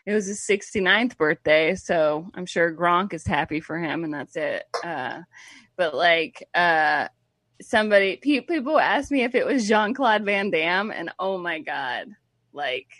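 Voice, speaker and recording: A woman's voice: on the low side, expressive, unhurried, a bit bright, dry recording, clean studio sound. A woman co-hosting a podcast over a remote call, chatting in a bubbly, teasing way. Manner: bubbly, teasing, laughs easily. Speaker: podcast co-host. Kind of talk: casual chat. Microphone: remote call mic.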